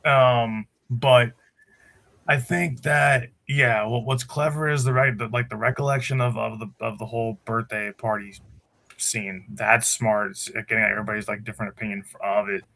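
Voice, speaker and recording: A man talking through a film review on a casual podcast, in a bright, forceful voice at a middling pitch. He rambles and restarts often, opinionated but easygoing. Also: fairly even intonation, normal speed, vocal fry. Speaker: podcast co-host. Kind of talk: casual movie review chat.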